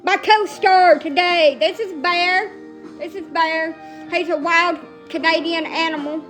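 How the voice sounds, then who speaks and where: A woman's voice: very high voice, fairly even intonation, measured pace, a bit bright, faint music behind. A middle-aged woman from Alabama with a Southern accent, chatting casually in a blunt, salty, profane way and laughing at herself. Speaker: vlogger. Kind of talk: casual rambling chat.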